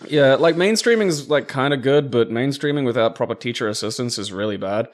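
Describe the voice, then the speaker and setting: A man's voice: medium pitch, a little fast. A man in casual game commentary, his voice swinging up and down with lots of movement. He laughs easily, swears freely and tells rambling stories while he plays. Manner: laughs often, swears, lively banter. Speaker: co-host playing the game.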